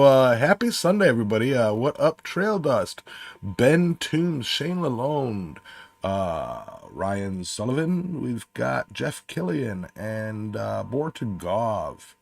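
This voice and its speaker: A man's voice: mid-range voice, vocal fry, no echo. A man hosting a casual livestream chat, talking loosely with many fillers and laughs. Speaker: podcast host.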